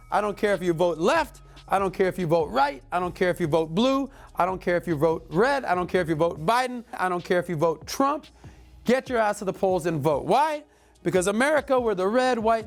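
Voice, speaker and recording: A man from Florida speaks as a show host straight into the camera, in a punchy, emphatic way. He is blunt and casually crude, and he hammers home his points again and again. Quiet music plays underneath. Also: high voice. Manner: emphatic, punchy, repeats calls to action. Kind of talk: direct-to-camera political commentary.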